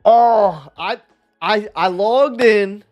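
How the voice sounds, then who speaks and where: A man's voice: high-pitched, extremely slow, darkish tone, lo-fi sound, soft background music. A man livestreaming in a casual chat, rambling and self-deprecating as he talks with his viewers.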